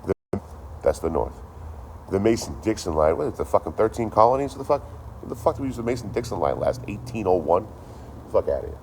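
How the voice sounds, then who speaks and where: A man's voice: lowish voice, big pitch swings, quick pace, a little mellow, a little hiss or hum. A man streaming to a live chat, ranting casually and profanely, repeating his lines as he goes.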